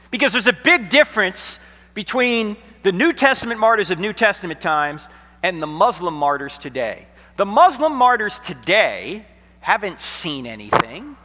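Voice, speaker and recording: A middle-aged American man giving an apologetics lecture to college students, telling stories dramatically, sometimes hushed and sometimes nearly shouting, with a sarcastic edge. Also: sits high. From United States. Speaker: Christian apologetics speaker. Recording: long hall reverb.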